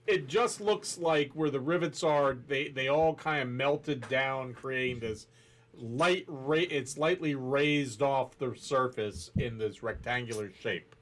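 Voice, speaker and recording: A man running a tabletop game as dungeon master, describing scenes in a measured way. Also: medium pitch, slight background noise.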